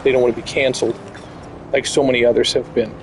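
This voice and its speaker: A man's voice: medium pitch, little pitch movement, quick pace, soft background music, poor audio. A man hosting a gaming channel, delivering blunt, profane, heated commentary over gameplay.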